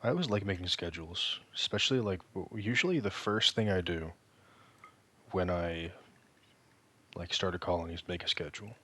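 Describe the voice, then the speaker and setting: Male gaming creator, deep voice with a bright, forceful edge; rambling, self-mocking commentary full of halting restarts. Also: husky. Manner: rambling, joking, self-deprecating. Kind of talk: casual gameplay commentary.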